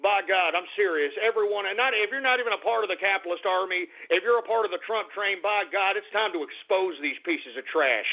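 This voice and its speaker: Male radio host, cursing angry rant that swings from mutters to shouts; higher voice, phone-thin audio. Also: fairly quick, hardly any pauses, narrow, tinny audio.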